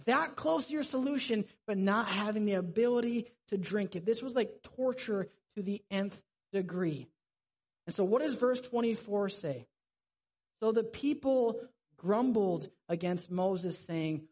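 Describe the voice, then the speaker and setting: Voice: medium pitch, creaky, breathy edge. A preacher giving a sermon in a conversational, vivid storytelling way.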